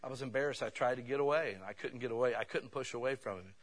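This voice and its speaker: Speaking quickly in a mid-range voice, a preacher shares personal stories in his sermon with animated delivery. He alternates loud outbursts with quiet asides.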